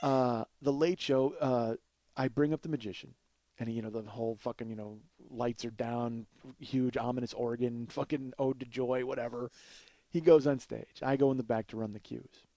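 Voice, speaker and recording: A man in his forties, a comedian and podcast host, telling a profane comic story in an animated way, swearing often and laughing as he goes. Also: medium pitch, moderate pace, dry recording. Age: 40s.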